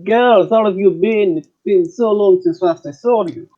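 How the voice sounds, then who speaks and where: Male player as a proud, strong Goliath; mellow, husky tone, lo-fi mic. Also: sits high, normal speed, pitched above the performer's own voice. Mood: reassuring.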